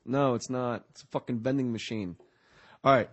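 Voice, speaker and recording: A man's voice: mid-range voice, steady tone, normal speed. A male comedian guest on a podcast, joking and rambling in casual banter, often mocking himself.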